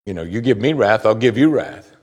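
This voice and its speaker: A man's voice: fairly low pitch, animated, fairly quick, a little mellow. A middle-aged pastor preaching a sermon, reading scripture aloud and putting pointed questions to his listeners. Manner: asks the congregation pointed questions; reads scripture aloud between remarks.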